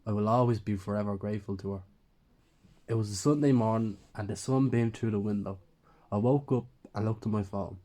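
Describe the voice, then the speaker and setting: Guy reading a horror story in first person, kinda low voice, just talking it through. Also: brisk, warm tone. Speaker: narrator.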